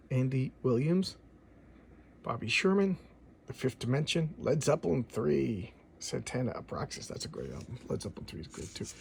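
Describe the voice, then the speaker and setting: Gravelly-voiced man rambling about comics. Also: mid-range voice, a little mellow, slight background noise. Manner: enthusiastic, rambling, with frequent restarts and repeated words. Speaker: comic book collector and reviewer. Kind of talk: casual comic review vlog.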